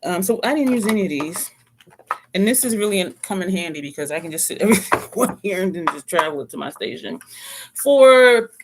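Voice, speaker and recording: A beauty vlogger chatting casually through a makeup rundown, rambling, correcting themselves and tossing in playful asides. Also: medium pitch. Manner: laughs now and then, playful asides. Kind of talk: casual makeup review chat.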